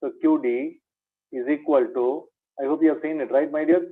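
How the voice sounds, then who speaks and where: A man with a somewhat high voice gives an exam revision lecture in maths. He repeats each point several times, asks rhetorical questions and calls his students "my dear". The recording sounds thin and phone-like. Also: steady tone, moderate pace. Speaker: maths teacher.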